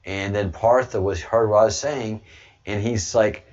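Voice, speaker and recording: A man's voice: lowish voice, steady tone, a little slow, a little mellow, muffled recording. A man hosting a livestream, talking casually to viewers in a rambling way with frequent restarts. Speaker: livestream host.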